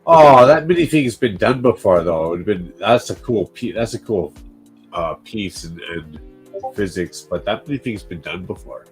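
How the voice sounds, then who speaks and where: Man, congested and stuffed up, very low pitch, joking casual chat. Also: lively intonation, moderate pace, soft background music, poor audio. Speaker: guest on livestream.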